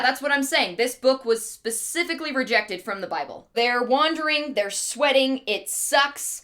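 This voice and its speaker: Bright, wry woman retelling a story. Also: fairly high pitch. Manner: irreverent, wry asides. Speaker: streamer. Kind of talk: casual storytelling.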